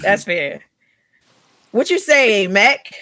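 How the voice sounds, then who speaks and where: Young woman hosting a podcast, slow easy talk, bright voice, dry sound, laughs a lot. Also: mid-range voice, sing-song, no echo. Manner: laughs often, upbeat and teasing. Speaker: podcast host. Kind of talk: casual live podcast chat.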